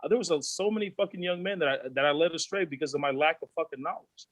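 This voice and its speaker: A man in his thirties shares blunt, profane stories as a podcast guest. His voice sits a little high for a man, and he slips into the voices of his old friends as he goes. The sound is close and dry. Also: fast, no room sound, rough recording. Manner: profane, animated, acts out voices of peers. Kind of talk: candid storytelling.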